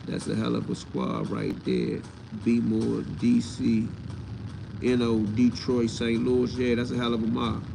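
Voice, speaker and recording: A man's voice: medium pitch, measured pace, gravelly, noisy background. A man hosting his own channel, answering live chat in a casual, blunt and profane way, often mocking the commenters. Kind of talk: casual livestream talk.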